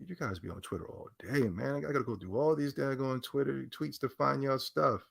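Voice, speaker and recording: A man's voice: medium pitch, a little fast, vocal fry, fairly bright tone. Indignant man ranting about games. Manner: indignant, sarcastic, mocking. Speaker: gaming commentator. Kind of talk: ranting commentary.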